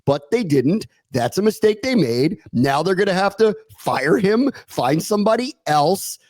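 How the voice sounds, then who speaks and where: A man co-hosting a sports podcast, animated and sarcastic, laughing often in casual talk. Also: high voice, a little slow, no echo. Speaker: podcast co-host.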